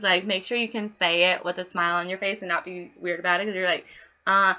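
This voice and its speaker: Bright, fast-talking bubbly woman. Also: lowish voice, steady tone, lo-fi sound. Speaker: party consultant training others. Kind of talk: casual training demo.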